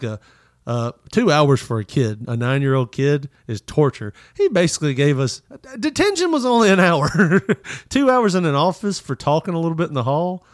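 A man telling childhood stories in casual chat, animated and profane, putting on voices for the people in them. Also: on the high side, dry recording, studio quality.

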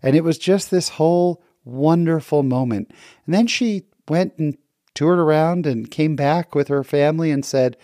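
A man's voice: a little high, normal speed, mellow, no room sound, clean studio sound. A middle-aged man telling a personal story in an earnest, reflective, conversational way.

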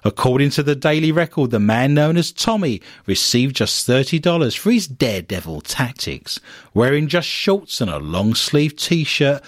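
A man's voice: mid-range voice, big pitch swings, normal speed, no echo, studio quality. A man co-hosting a podcast, reading odd news stories aloud with teasing, wry quips. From Britain. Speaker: podcast co-host.

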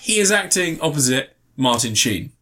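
A man's voice: fairly high pitch, very animated, normal speed, sharp tone. A man chatting casually on a film podcast, rambling through the plot with frequent laughs and acted-out lines. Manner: rambling, laughs often, acts out scenes in put-on voices. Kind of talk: casual film review chat.

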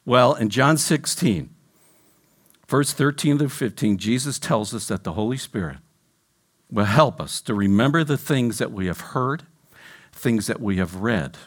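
A man preaching a sermon as pastor, questioning his congregation directly and dropping low and soft when he quotes scripture. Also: lively intonation, unhurried, pauses often, husky.

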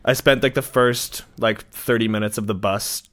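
Rambling young man, low voice. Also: fairly even intonation, fairly bright tone. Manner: rambling, halting, lots of "like" and restarts. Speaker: podcast co-host. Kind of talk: casual chat.

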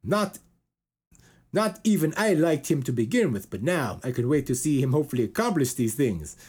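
A husky-voiced man hosts a loose, casual podcast. His pitch swings widely as he rambles, full of fillers and little put-on voices. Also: very animated, moderate pace, darkish tone. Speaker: podcast host.

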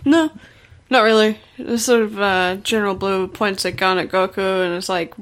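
A woman's voice: medium pitch, steady tone. Wry, laughing female podcast co-host. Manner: wry, quick to laugh, summarizes plot. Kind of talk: casual comic chat about manga.

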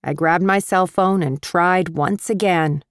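A woman narrating an audiobook in the first person with wry, measured storytelling. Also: on the low side, no room sound, studio quality.

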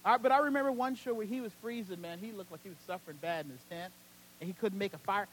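A pastor preaching a sermon in a church, swinging between loud, urgent peaks and hushed, low passages. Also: male voice, animated, very fast, low-quality recording. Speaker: senior pastor.

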